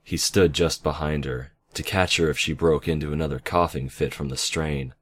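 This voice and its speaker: Very deep-voiced man reading a story. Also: fairly even intonation, normal speed. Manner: reads with casual asides and self-corrections. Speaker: reader. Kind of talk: fan fiction reading.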